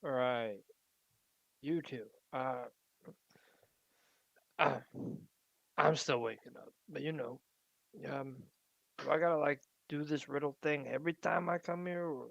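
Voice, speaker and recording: A man with a gravelly, creaky voice recorded dry and close. He talks through his character's moves in a laid-back, deadpan manner. Pauses and "um"s break up his lines. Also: fairly high pitch, dry recording, highs cut off. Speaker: tabletop game player. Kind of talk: casual in-character description.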